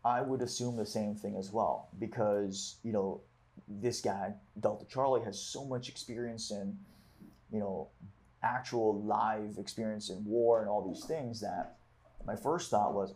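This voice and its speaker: A man's voice: lowish voice, fairly even intonation, unhurried, darkish tone. A man leading a book discussion, reading passages aloud and then reflecting on them with casual fillers. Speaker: discussion leader.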